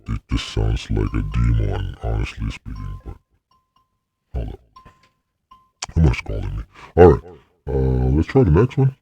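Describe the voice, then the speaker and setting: A man talking through a robot voice-changer preset that turns him into a demonic growl, commenting slowly on the effect. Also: a bass voice, dark tone, husky, no echo, voice pushed down, full character voice. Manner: slow, wondering remarks. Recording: dull sound with faint music.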